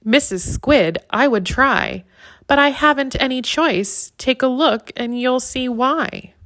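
Woman voicing a glum male fish, storybook, slow, mopey sing-song. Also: high voice, fairly bright tone, no room sound, voice pushed up. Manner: mopey sing-song refrain, drawn-out blubs. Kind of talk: storybook reading.

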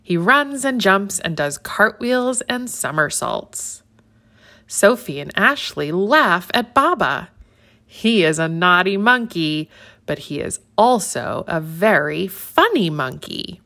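Woman reading a kids story, slow n sing-songy, bright voice. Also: mid-range voice. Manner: slow, expressive, sing-song. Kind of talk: children's story read-aloud.

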